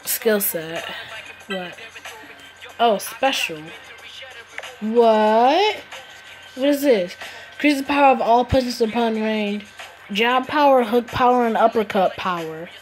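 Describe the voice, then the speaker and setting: Slow, playful woman trash-talking through a game. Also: on the high side, soft background music. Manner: playful trash-talk, laughs at opponents. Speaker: mobile game player. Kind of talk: casual gameplay commentary. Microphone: phone screen recorder.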